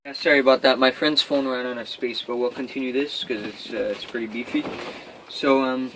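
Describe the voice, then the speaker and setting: His medium-pitched voice stays steady and fairly quick as this young Quebec vlogger recounts a story from a camper at night. Nerves show in the many fillers and false starts, and there's plenty of outdoor noise around him.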